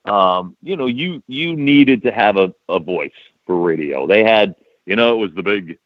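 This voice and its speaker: A man in his fifties from New York, a broadcaster telling stories as a guest in a casual interview, laughing often and jumping in pitch when quoting himself. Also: animated, normal speed, dry recording. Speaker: radio and wrestling broadcaster, guest. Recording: slightly dull, dry podcast audio.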